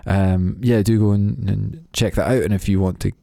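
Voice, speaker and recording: A man hosts an interview podcast, often restarting his questions. His voice is very low and gravelly, with a dark, mellow tone. It is recorded dry and close. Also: fairly even intonation, moderate pace, no echo. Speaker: podcast host.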